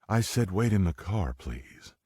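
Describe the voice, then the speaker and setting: A man's voice: deep voice, sing-song, a little slow, darkish tone, slightly rough, no echo, clean studio sound, pitched above the performer's own voice, full character voice. A man voicing a bold, scheming woman who talks in a smug, mocking way, reading an audiobook. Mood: curt. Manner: mocking, taunting.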